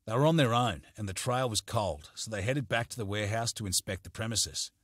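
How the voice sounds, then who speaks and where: A fairly low-pitched man with a breathy quality narrates a crime novel for an audiobook, his delivery steady and measured. The close studio mic recording is free of echo.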